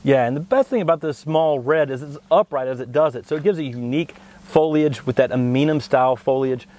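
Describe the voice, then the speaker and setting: Man explaining maples in a steady voice. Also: mid-range voice, a little fast. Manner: steady, explanatory, plant-expert tone. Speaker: co-host of plant show. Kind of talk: informative product talk.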